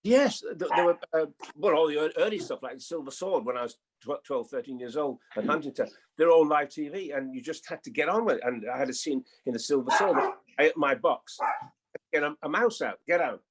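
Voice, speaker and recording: An older man, a guest actor, telling anecdotes in an animated way and acting out the voices in them. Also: on the high side, fairly quick, a little hiss or hum. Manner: animated storyteller, acts out voices in his anecdotes. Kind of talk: anecdotal chat.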